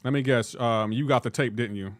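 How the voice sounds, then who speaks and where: A young man live-streaming a mobile game, joking back and forth with his chat in a casual, animated way. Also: mid-range voice, fairly quick, no echo.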